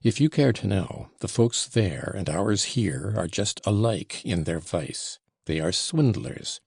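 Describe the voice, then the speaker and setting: A man's voice: deep voice, expressive, a little slow, gravelly, darkish tone, slightly rough, no echo, clean studio sound, heavily acted. A man reading a sullen, proud young male servant who talks curtly and disdainfully in an audiobook. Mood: scornful. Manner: curt, disdainful.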